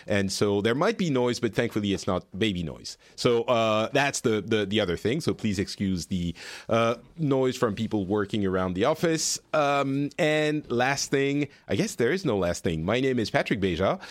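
A man's voice: fairly low pitch, dry recording. A man hosting a casual gaming podcast from a friend's office, chatty and laughing often, with plenty of fillers. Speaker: podcast host.

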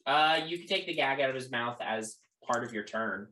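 A woman's voice: extremely low pitch, normal speed, fairly bright tone, a little hiss or hum, low-quality recording. A woman running a tabletop game as game master, giving rulings with frequent ums and uhs. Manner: hesitant, ruling on actions.

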